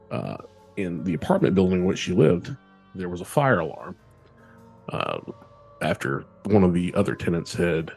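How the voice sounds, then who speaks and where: A man co-hosting a podcast, telling a true-crime case in a relaxed, casual way with frequent fillers. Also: deep voice, gravelly, breathy edge. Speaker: podcast co-host.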